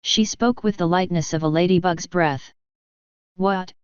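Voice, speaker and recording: A woman with a low, exceptionally smooth voice reads a story in a measured, dramatic way. The sound is close and dry, with a slightly dull, lo-fi tone to the recording. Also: no echo. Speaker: fanfiction reader. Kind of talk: storybook narration.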